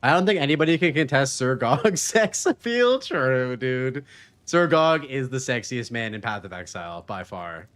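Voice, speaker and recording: A man's voice: mid-range voice, very animated, normal speed, fairly bright tone. A man streaming a video game, chatting casually, joking and laughing often as he reads chat messages aloud.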